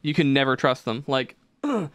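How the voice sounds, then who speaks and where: A man's voice: mid-range voice, lively intonation, moderate pace, a bit bright, no room sound. A man co-hosting a podcast, rambling casually with lots of swearing and fillers. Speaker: podcast co-host.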